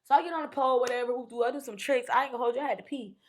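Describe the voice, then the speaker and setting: A woman's voice: high-pitched, fairly even intonation, rapid-fire. A young woman chats as a podcast guest, telling a personal story in a loose, casual way. She is candid and swears freely. She slips into other people's voices as she quotes them.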